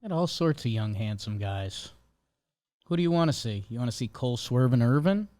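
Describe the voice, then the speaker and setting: A man's voice: mid-range voice, animated, moderate pace, dark tone, no room sound. A man co-hosting a casual sports podcast, teasing and throwing questions at the others. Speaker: podcast co-host.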